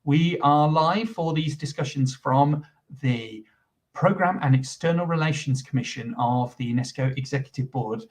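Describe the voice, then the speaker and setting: A man's voice: on the high side, darkish tone, distant mic. A man giving live commentary on a proceeding and explaining what is happening while he waits for it to move on. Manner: explanatory, filling time while waiting. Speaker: livestream commentator.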